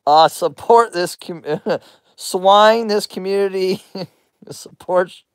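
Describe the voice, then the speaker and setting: A woman's voice: lowish voice, drawn-out words, long pauses, clear, resonant tone, no room sound, studio quality. A woman hosting a rambling livestream, crude and teasing as she answers her chat, often breaking into laughter. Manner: crude, teasing questions at chatters. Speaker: livestream host.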